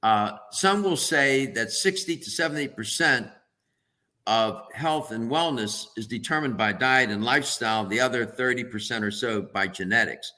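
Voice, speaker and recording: Brief: man, nutritionist guest, bright forceful tone, earnest and emphatic on radio. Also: mid-range voice, moderate pace. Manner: earnest, emphatic, thinks aloud. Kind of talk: radio interview answer.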